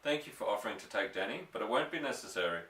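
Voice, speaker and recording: Brief: calm, plain-spoken father, read by a man, bright voice, echoey room. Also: on the low side, rapid-fire, far from the mic. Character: steady working father, man. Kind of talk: storybook reading aloud.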